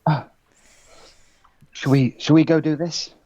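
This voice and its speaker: A man's voice: fairly high pitch, steady tone, takes it slowly, warm tone, muffled recording. A man playing a tabletop game, plainly describing what his character does. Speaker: player. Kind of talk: casual tabletop play.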